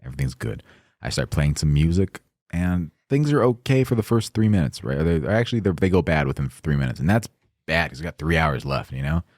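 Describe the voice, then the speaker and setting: A man's voice: a bass voice, brisk, no room sound, studio quality. A young man telling stories casually on a podcast, swearing freely and acting out the voices of the people he quotes. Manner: animated storyteller, swears freely, acts out quotes. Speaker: podcast guest. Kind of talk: casual storytelling chat.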